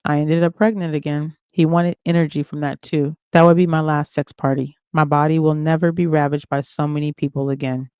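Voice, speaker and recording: A man narrating a dramatic first-person memoir in a steady, matter-of-fact way. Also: a little high, fairly quick, few pauses, clear, resonant tone, dry recording, dull audio.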